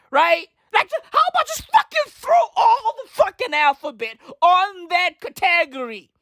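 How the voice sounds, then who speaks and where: A woman's voice: a bit bright, dry recording, studio quality. A woman vlogger delivering a profane, mocking comedic rant to camera. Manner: profane, mocking, with exaggerated pitch swings.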